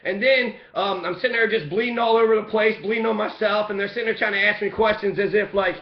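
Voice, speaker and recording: A man giving impassioned personal testimony, talking in a profane, rambling way and growing loud and heated. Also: sits high, fairly even intonation, fast. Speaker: person recounting a police beating. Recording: echoey, dull room recording.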